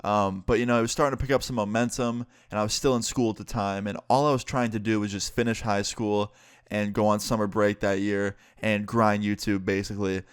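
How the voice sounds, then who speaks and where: A young man with a lowish voice tells a story in a loose, rambling way, full of "like" and "you know" and the odd swear. The sound is dry and close, with no room echo. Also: steady tone, fairly quick, clean tone. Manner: laid-back, filler-heavy storytelling with casual swearing. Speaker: YouTuber. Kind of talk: casual storytime narration.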